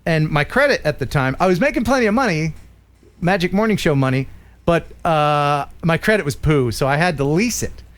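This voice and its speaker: A middle-aged man hosting a live stream, telling stories in a joking, animated way. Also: on the high side, brisk. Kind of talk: casual live-stream chat.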